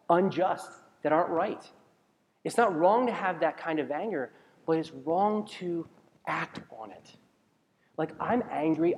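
A man preaching a sermon as a pastor in a conversational way, asking the congregation questions and often restarting his sentences. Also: a little high. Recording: long reverb of a large hall.

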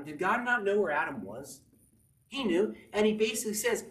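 A man preaching an earnest sermon as a pastor, reading scripture aloud and rising to near-shouts. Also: high voice, sing-song, normal speed. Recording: echoey room, from a distance.

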